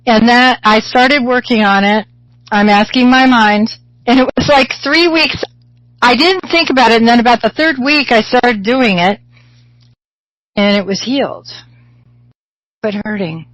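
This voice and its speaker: A woman's voice: medium pitch, no room sound, poor audio. Chatty woman medium, dry close sound. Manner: rambling, chatty, many fillers and restarts. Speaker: spiritual medium teacher. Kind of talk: casual spiritual teaching talk.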